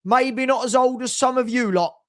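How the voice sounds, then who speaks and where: Exasperated fan hosting a match watchalong. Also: male voice, very high-pitched, moderate pace. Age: older. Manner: exasperated, sarcastic, bursts into shouts. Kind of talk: live football watchalong commentary.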